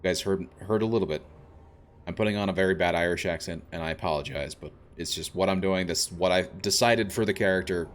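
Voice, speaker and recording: Rambling low-voiced male game streamer. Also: fast talker, slight background noise. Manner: thinking aloud, rambling, self-deprecating. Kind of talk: casual gameplay commentary.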